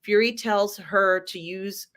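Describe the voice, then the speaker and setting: A woman's voice: mid-range voice, slow, a bit bright. A woman hosting a live pop culture chat show, talking in a rambling, chatty way with many fillers. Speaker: host.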